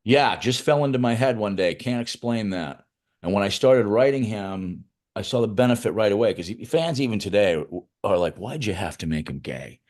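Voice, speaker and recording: A man's voice: on the low side, normal speed, darkish tone. A middle-aged man, a film writer-director, telling loose, profane anecdotes in a casual interview, with frequent restarts.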